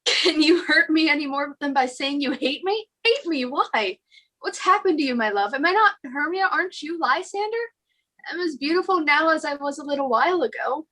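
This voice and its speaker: A woman's voice: high voice, animated, normal speed, pushed and bright. A teenage girl acting as a confused, pleading young woman in love, in a school stage play. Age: teens.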